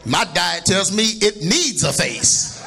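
High, bright-voiced preacher. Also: male voice, very animated, takes it slowly, creaky, soft background music. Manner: joking, laughing, bursts into shouts. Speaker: pastor. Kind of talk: sermon. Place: church before a congregation.

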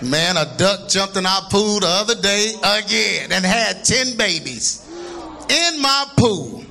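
A man preaching a sermon to a congregation, joking and laughing and breaking into shouts. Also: high-pitched, expressive, slow, creaky, a little hiss or hum. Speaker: pastor. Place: church before a congregation.

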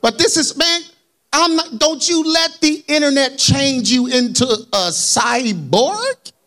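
A man preaching a sermon in a colloquial, animated way, asking the congregation for amens. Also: extremely high pitch, slow. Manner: colloquial, dropped verbs and y'all.

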